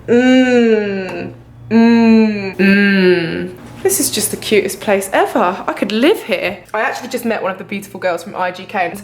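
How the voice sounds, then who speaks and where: A young woman vlogging to a handheld camera, gushing and excitable, often gasping and laughing. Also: mid-range voice, fast talker, few pauses, a little hiss or hum. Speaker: beauty vlogger. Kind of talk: casual vlog to camera. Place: hotel room and city streets.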